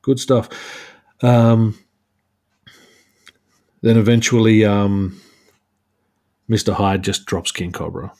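A man's voice: lowish voice, takes it slowly, long pauses, mellow. A man hosting a solo podcast, chatting casually about a comic book with lots of fillers and restarts. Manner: rambling, many fillers and restarts. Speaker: podcast host.

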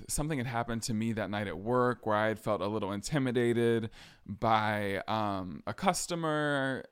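Young man, podcast host, casual storytelling, sassy, chatty, mid-pitched voice. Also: clean tone. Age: young adult. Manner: sassy, animated storytelling with "honey" and slang asides.

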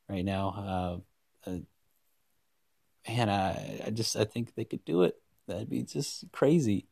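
Low, warm-toned male podcast host, excitable and rambling, dry close-mic sound. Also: no room sound. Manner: rambling and excitable, many restarts. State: hiccups. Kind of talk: solo sports podcast talk.

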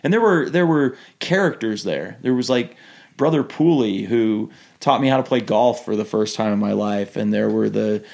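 A man guesting on a podcast, telling lively stories in an animated way, laughing often and restarting his sentences. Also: on the low side, normal speed, vocal fry. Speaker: podcast guest, former missionary. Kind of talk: casual storytelling interview.

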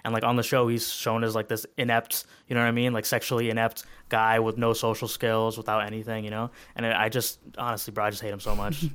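Brief: male co-host, rapid filler-heavy delivery, passionate, smooth clear voice, slightly low. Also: monotone, fairly bright tone. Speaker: podcast co-host. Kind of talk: casual chat.

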